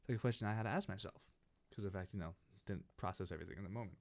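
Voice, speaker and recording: Lowish-voiced young man rambling through a story. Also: rapid-fire. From California. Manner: rambling, animated retelling with many restarts. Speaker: gaming channel host. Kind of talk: casual storytime narration over gameplay.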